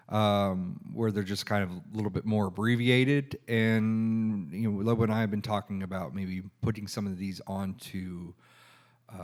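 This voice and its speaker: A man co-hosting a podcast on his own, talking casually and haltingly with many pauses and restarts. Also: lowish voice. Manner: halting, lots of ums and restarts. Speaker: podcast co-host. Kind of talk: casual solo podcast talk.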